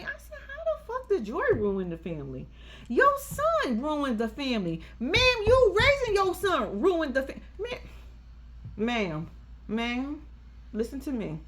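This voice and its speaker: At a normal speed, a high-pitched woman tells the story of a reality TV episode, voicing its cast as she goes. She's casual, cheeky and foul-mouthed, animated throughout, with slight background noise behind her.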